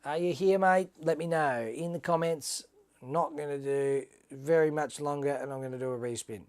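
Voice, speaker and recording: Calling his viewers mate, an Australian livestream host runs a casual giveaway in a chatty, upbeat way. He speaks at a normal pace in a fairly high-pitched voice with a darkish tone.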